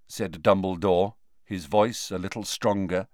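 A man reading a story aloud as narrator in a dramatic, expressive manner. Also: mid-range voice, measured pace, dry recording, studio quality. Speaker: audiobook narrator.

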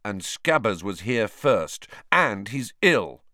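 A man's voice: fairly low pitch, sing-song, slow, no echo, studio quality, exaggerated voice. Ron, a man doing an angry teen boy. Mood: sulky. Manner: loud, indignant outbursts. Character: angry excitable teenage boy wizard.

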